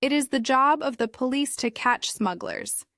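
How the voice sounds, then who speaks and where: A woman reading the lines of a worried, protective single mother in a storybook, speaking slowly and earnestly. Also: high-pitched, animated, a bit bright, no room sound, studio quality, voice pushed up. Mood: upset.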